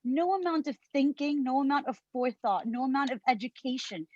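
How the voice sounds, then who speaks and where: A woman's voice: sits high, lively intonation, brisk, a little mellow, no room sound. A woman in her thirties from New Jersey, a teacher and mother, giving an earnest, emotional public comment at a meeting. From Hudson County, New Jersey. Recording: muffled lo-fi meeting audio.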